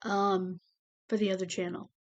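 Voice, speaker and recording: A woman's voice: mid-range voice, flat delivery, moderate pace, dull audio. Woman, vlogger, casual update to camera, rambling, emotional, lots of fillers. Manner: emotional, rambling, thankful, close to tears at times; many fillers like "you know" and "um". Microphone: camera facing the speaker.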